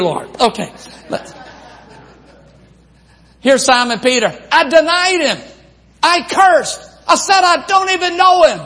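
A man preaching a sermon, reading scripture aloud and asking the congregation questions in an animated way. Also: high voice.

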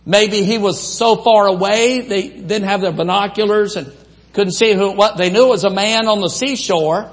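A man with a fairly high voice preaches with a drawl. He reads scripture aloud and asks the congregation questions in an animated way. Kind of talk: sermon.

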